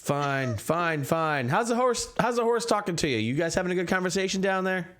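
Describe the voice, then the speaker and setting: A man's voice: sits high, lively intonation, fairly quick, fairly bright tone, pitched above the performer's own voice. A man voicing an impatient, grumbling male carriage driver in a tabletop game. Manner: pushy, grumbling.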